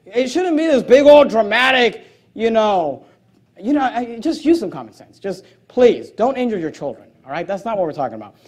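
A male pastor with a high-pitched voice delivers a forceful sermon. He reads scripture aloud with emphasis, and his voice leaps even higher when he cracks a joke. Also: moderate pace. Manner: joking asides, voice jumping high on punch lines.

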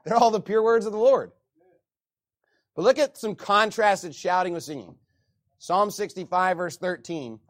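A man preaching a sermon as pastor, animated, often reading scripture aloud to the congregation. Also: sits high, a little slow, long pauses.

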